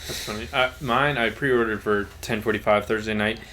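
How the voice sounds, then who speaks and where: A young man co-hosting a podcast in easygoing conversation. He sounds matter-of-fact and unhurried, and slips in dry, wry jokes along the way. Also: lowish voice, steady tone, sharp tone. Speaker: podcast co-host. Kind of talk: casual chat.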